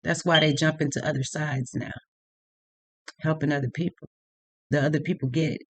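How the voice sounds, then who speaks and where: A woman's voice: sits low, fairly even intonation, normal speed, breathy edge, no room sound. Blunt, profane woman tarot reader ranting. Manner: blunt, heavily profane, laughs at her own points. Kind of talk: unscripted rant to camera.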